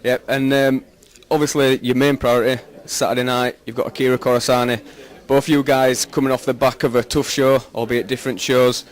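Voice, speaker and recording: A man's voice: medium pitch, little pitch movement, a little fast, few pauses. A man interviewing a fighter, asking long, loose questions with many fillers.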